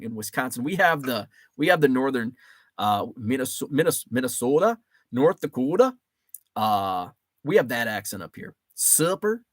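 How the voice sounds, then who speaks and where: A man's voice: mid-range voice, dry recording. A man from Illinois hosting a casual livestream, reading viewer comments aloud and answering them in a chatty, rambling way. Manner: chatty, rambling, with frequent ums and restarts. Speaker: livestream host.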